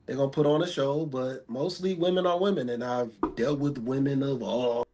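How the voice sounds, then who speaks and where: A man's voice: medium pitch, steady tone, moderate pace, warm tone. A man speaking as a talk show guest, stating firm, repetitive opinions about women in casual talk.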